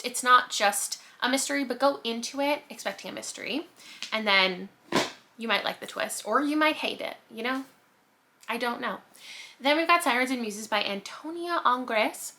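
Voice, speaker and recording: A woman's voice: on the high side, bright, forceful tone. A woman host chatting casually through a book haul, rambling and self-mocking. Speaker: booktuber host.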